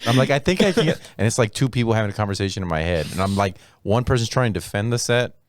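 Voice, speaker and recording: A man's voice: on the low side, rapid-fire, no room sound. A man, a comedian, joking profanely in casual podcast chat and acting out quotes. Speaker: podcast co-host.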